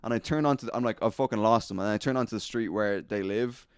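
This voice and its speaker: A man's voice: on the low side, quick pace, clean tone, no echo. A man co-hosting a podcast, telling a long story in a loose, profane, rambling way. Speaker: podcast co-host. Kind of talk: casual storytelling.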